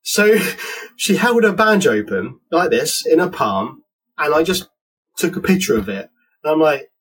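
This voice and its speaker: A man, a penetration tester telling work stories in a casual interview, animated and acting out the dialogue. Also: on the high side, normal speed, low-quality recording. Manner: animated, acts out dialogue in quotes, laughs.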